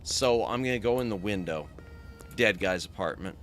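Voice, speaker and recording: A man's voice: lowish voice, normal speed, fairly bright tone, faint music behind. A man streaming a video game as a VTuber, chatting casually, thinking aloud and thanking his chat.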